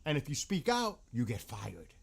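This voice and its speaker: A man's voice: mid-range voice, wildly swooping pitch, normal speed, vocal fry, breathy edge. A man ranting bluntly about politics in a casual vlog, heated and swearing often. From United States. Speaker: vlogger.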